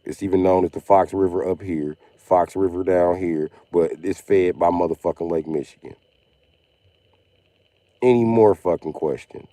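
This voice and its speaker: A man's voice: low voice, little pitch movement, normal speed, hardly any pauses, dark tone, dry recording. A man livestreaming, ranting emphatically over a video with profane, repetitive commentary. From Missouri. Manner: profane, emphatic, repeats himself.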